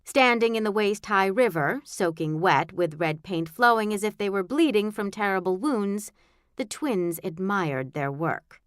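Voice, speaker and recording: A woman narrating a children's audiobook in a wry, expressive storytelling manner. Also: medium pitch, measured pace, smooth, no echo, studio quality. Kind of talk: scripted narration.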